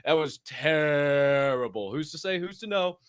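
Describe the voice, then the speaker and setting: A young man hosting a casual podcast, telling stories with swearing and sudden shouted bursts. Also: fairly high pitch, expressive, measured pace, clean tone, dry recording, clean studio sound. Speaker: podcast host.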